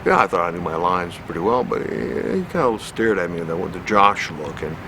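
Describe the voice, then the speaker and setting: A man, an actor, speaking haltingly and with self-deprecating humor in a behind-the-scenes interview outdoors, with traffic behind him. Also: low voice, expressive.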